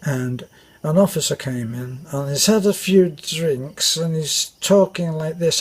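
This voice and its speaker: A man's voice: a little high, unhurried. An older British man with a British accent telling a meandering army story with many fillers and restarts. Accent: British English. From Britain. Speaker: vlogger. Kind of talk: rambling anecdote.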